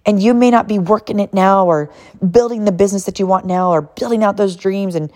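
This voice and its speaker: A mother in her thirties telling an animated, emotional family story and encouraging other mothers, laughing often. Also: medium pitch, brisk.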